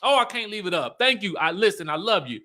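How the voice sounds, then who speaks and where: A man hosting a livestream recap of a reality show, sassy and animated, laughing often and talking straight to his viewers. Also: sits high, fast, slight background noise. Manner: talks straight to viewers, reads their comments aloud.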